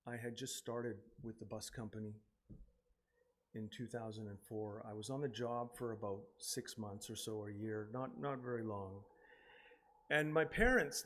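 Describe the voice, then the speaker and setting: A man in his forties giving a eulogy for his mother, telling a personal story haltingly with many pauses and repeated words, his voice falling quiet at emotional moments. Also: medium pitch. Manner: emotional, voice drops quietly at times.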